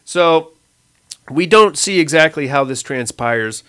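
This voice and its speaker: A man's voice: fairly high pitch, lively intonation, slow, sharp tone, smooth. A young man giving a casual, sarcastic recap of a horror TV episode, laughing at the plot and acting out lines.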